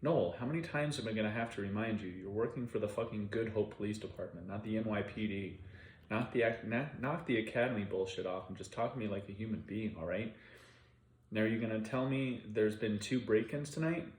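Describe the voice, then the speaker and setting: Man voicing gruff profane small-town police chief. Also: on the low side, a little fast, lightly acted. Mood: irritated. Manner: blunt, profane, drawling. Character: gruff small-town male police chief, middle-aged, short-tempered. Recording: roomy echo.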